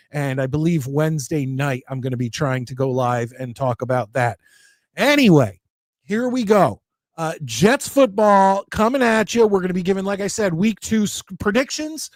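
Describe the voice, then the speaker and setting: A man hosting a live sports talk show, chatty and excited, reading viewer comments aloud. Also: a little high, normal speed, no room sound. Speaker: host.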